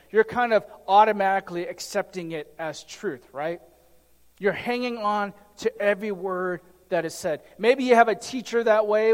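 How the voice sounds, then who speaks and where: A middle-aged male pastor preaching a conversational sermon with joking asides to the congregation. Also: sits high. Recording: long reverb of a large hall.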